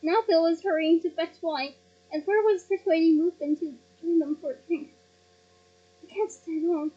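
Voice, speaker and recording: A woman reads a novel aloud in a very high voice, lively and expressive. She breaks in with emotional asides to her listeners. The home recording sounds dull and lo-fi. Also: normal speed. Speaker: audiobook reader.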